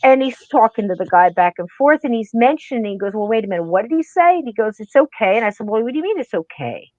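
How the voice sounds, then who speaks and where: A fairly high-voiced woman retells a story in a chatty, animated podcast style, jumping into the voices of the people in it. The sound is close and dry, with dull, muffled highs. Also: quick pace, no echo. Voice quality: animated, acts out quoted voices. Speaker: podcast co-host. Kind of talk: casual storytelling chat.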